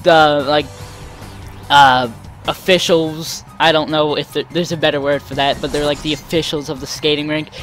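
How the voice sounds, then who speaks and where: A young man hosting a let's play rambles animatedly through a story over gameplay, acting out the people in it. His voice is a little high at normal speed, with soft background music.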